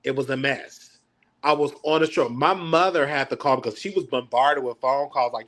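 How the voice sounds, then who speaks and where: A male show host with a medium-pitched, slightly bright voice keeps a fairly even intonation at a moderate pace. In his casual reaction chat he stammers, seems flustered, and mocks himself.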